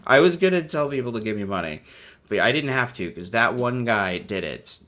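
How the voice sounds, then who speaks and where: A young man with a mid-range voice hosts a comedic commentary video, speaking at normal speed as he riffs wryly on book illustrations. He swings between muttering and excited outbursts.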